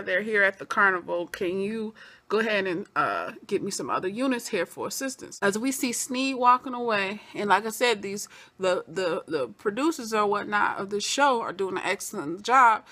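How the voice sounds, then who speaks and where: A woman giving an animated recap of a TV episode, acting out the characters' lines in quoted voices as she goes. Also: medium pitch, normal speed. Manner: acts out scenes in quoted voices. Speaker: TV episode reviewer.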